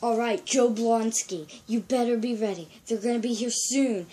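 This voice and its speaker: Excitable high-voiced woman vlogging at home. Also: moderate pace, few pauses, a little hiss or hum. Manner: excitable, giggly, coaxing her pet. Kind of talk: casual home vlog. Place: at home, indoors.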